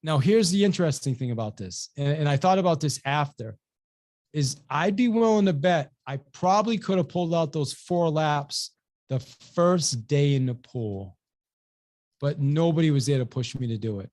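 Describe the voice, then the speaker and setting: Animated male storyteller, higher voice. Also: moderate pace. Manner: animated storyteller acting out both sides of a dialogue; repeats words and restarts often. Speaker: webinar host and real estate coach. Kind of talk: motivational storytelling webinar.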